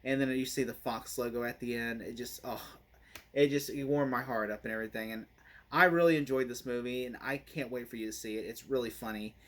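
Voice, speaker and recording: A man's voice: mid-range voice, fairly even intonation, brisk. A man giving a casual spoken movie review, rambling and laughing often.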